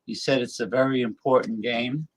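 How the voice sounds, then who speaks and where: A man's voice: mid-range voice, fairly even intonation, normal speed. A man talking casually from his home desktop, rambling with many restarts. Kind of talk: casual chat. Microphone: desktop computer mic.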